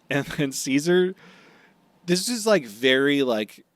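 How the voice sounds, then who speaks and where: A man co-hosting a podcast, recapping a comic casually and jumping into high voices for the characters' lines. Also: takes it slowly, no echo. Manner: animated storytelling, acts out characters' lines in sudden high voices. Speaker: podcast co-host.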